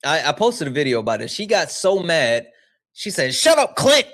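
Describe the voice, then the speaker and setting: A man's voice: on the high side, normal speed. A man hosting a livestream, talking casually with lots of swearing and frequent laughter. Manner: profane, animated, laughing often. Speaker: livestream host.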